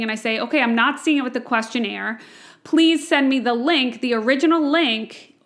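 High-pitched woman, casual storytelling host, chatty, keeps asking "right?". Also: a bit bright. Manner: chatty, often asks "right?" and uses filler "like". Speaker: contract attorney.

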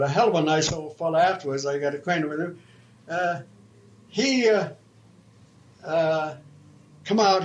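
Older man, high-pitched voice, folksy halting storyteller, muffled lo-fi tape. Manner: slow, halting, folksy yarn-spinning. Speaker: retired railroad fireman. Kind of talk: oral history storytelling.

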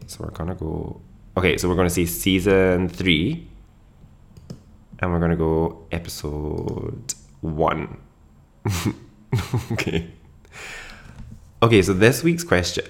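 A man's voice: sits low, creaky. A man hosting a solo podcast in casual chat, chatty and self-deprecating, laughing often. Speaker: podcast host.

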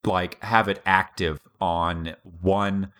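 An excitable man co-hosting a casual podcast chat. His voice is very deep and bright, and he talks with lively, animated swings and casual swearing. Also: takes it slowly. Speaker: podcast co-host.

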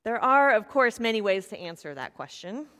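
A woman's voice: a little high, big pitch swings, moderate pace. Woman preacher in a reverberant sanctuary. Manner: warm, conversational storytelling with asides. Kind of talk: sermon with storytelling. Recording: long reverb of a large hall.

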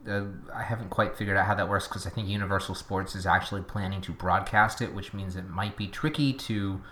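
A man's voice: sits low, fairly even intonation, a little fast, pushed and bright, a little hiss or hum. A man with a Boston accent co-hosting a podcast, chatting casually and opinionatedly, wandering into tangents. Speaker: podcast co-host.

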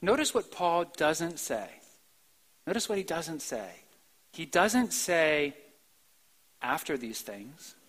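A man preaching a sermon in a church, swinging between soft, slow passages and sudden loud, emphatic outbursts. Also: on the high side, very animated, poor audio. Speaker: pastor. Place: church sanctuary, live-streamed.

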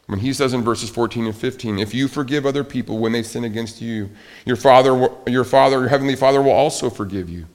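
Middle-aged male pastor preaching dynamically. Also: quick pace. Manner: dynamic, swings from loud emphatic peaks to quiet confessional lows. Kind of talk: sermon.

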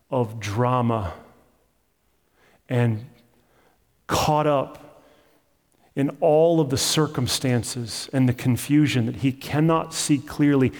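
A man's voice: mid-range voice, slow, pauses often, big-room sound. A man preaching a sermon as pastor, in a conversational, emphatic style that acts out the story.

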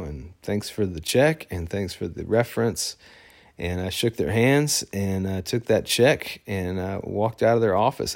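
A man in his thirties with a notably deep, low voice tells a story from his own life. He talks casually and loosely, circling back with fillers and self-corrections, and breaks into a wry laugh at his own misfortune. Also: a little mellow.

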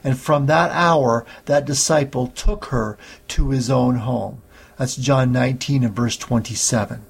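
A man preaching a sermon, teaching slowly and steadily through Bible passages. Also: mid-range voice, vocal fry, husky. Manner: slow, measured Bible teaching with scripture readings.

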